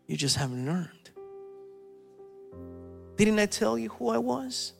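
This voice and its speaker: A male preacher voicing Jesus as a calm, patient teacher, gently reproving. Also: high voice, takes it slowly, creaky, soft background music, voice pushed up, heavily acted.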